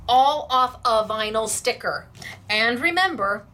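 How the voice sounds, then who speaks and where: A woman's voice: a little high, animated, unhurried, sharp tone, a little hiss or hum. A woman hosting a crafting class, talking in a chatty, playful way while she demonstrates.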